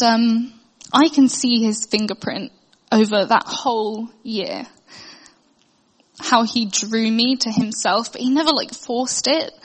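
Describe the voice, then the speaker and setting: A woman's voice: on the high side, in a large hall, low-quality recording. A young woman sharing a heartfelt personal faith testimony, hesitant, with many fillers and restarts. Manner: earnest, heartfelt.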